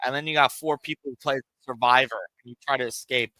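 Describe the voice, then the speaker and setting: A man chats casually while streaming a game, rambling and swearing in a laid-back way through a cheap home microphone. His mid-range voice is steady, fast, pushed and bright, and the recording is dry and rough.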